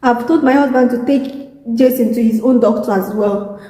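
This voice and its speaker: A woman's voice: on the high side, moderate pace, dark tone, roomy sound, long reverb tail, low-quality recording. Weary tearful Nigerian woman vlogging. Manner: repetitive, weary, pleading. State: tearful and exhausted. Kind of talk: emotional video diary. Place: hospital room.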